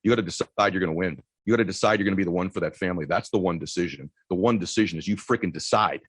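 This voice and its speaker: A man in his forties giving a motivational speech to a live audience, telling a story with quick, energetic delivery and loud shouts at the high points. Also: husky, no room sound. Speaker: motivational keynote speaker. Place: event stage before a live audience.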